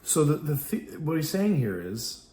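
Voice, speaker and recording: A man from New York hosts a reflective podcast in a blunt, salty way, laughing often and reading passages aloud between his own remarks. His pitch swings widely as he talks. The room around him rings with echo. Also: big pitch swings, a little slow, dark tone. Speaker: podcast host. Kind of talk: reflective casual monologue with read passages. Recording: roomy echo.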